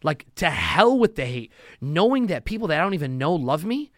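A man's voice: a little high, big pitch swings, fairly quick, dry recording, studio quality. A man talking as a podcast guest, telling stories and acting out quotes in long motivational runs. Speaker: podcast guest, loan officer. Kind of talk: casual podcast talk.

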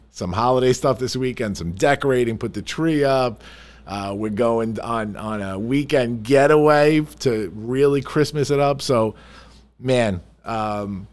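A middle-aged man hosting a podcast, talking in an earnest, reflective way and often repeating words as he goes. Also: fairly low pitch. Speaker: podcast host. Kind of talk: casual heartfelt chat. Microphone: podcast microphone.

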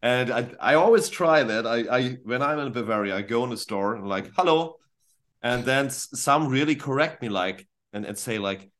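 A man from northern Germany speaks English with a German accent. He chats casually as a podcast guest, telling stories in an animated way with lots of quick restarts. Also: medium pitch. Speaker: guest musician.

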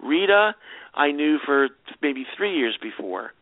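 A man's voice: on the high side, big pitch swings, a little slow, no echo. A man, a film director being interviewed, rambling through anecdotes with many restarts and fillers. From United States. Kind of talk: casual interview answers. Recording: dry, tinny phone-line sound.

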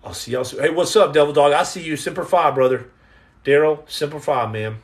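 Middle-aged male streamer, fairly high voice, energetic and joking, answers chat directly. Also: brisk. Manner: lively, jumps between jokes and chat shout-outs. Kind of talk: casual live-stream chat.

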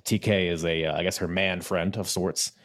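A man hosting a podcast in casual wrestling chat, talking in a halting way with many fillers and restarts and laughing easily. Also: low-pitched, level tone, a bit bright. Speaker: podcast host.

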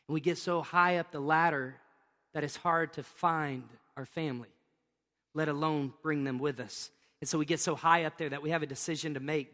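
A man's voice: a little high, sharp tone. A middle-aged man preaching a sermon as a pastor, telling stories with joking asides and laughing at his own jokes. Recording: long reverb of a large hall.

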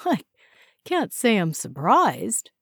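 A gentle, polite man grows bewildered in a storybook reading, as a woman narrator gives him voice. The sound is dry and close. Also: mid-range voice, wildly swooping pitch, takes it slowly, creaky, husky, no room sound, exaggerated voice. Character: gentle, confused heavyset man Phil.

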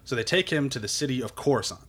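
A man talks quickly in casual podcast chat, retelling a story with lots of energy. He slips into goofy voices for the quotes. His pitch sits in the middle for a man. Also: animated, fairly bright tone, husky.

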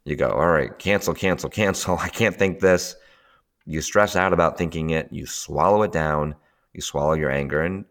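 Guy with a really low voice talking about tapping, chatty, laughs a lot, acts out little voices. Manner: animated, laughs often, acts out inner voices. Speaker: tapping teacher, podcast guest. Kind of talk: casual conversational teaching.

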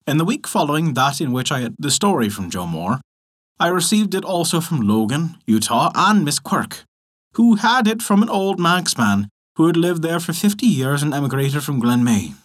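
Expressive male folk tale storyteller. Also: a little high.

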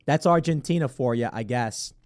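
A man's voice: medium pitch, moderate pace, a little mellow. A man giving casual, sarcastic commentary on news stories, reading passages aloud and reacting with incredulity. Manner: sarcastic, incredulous, breaks into mock voices. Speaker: political commentator.

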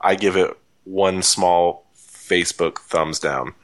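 A man hosting a podcast in casual chat, halting with restarts and dry humor. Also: low-pitched, fairly even intonation. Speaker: podcast host.

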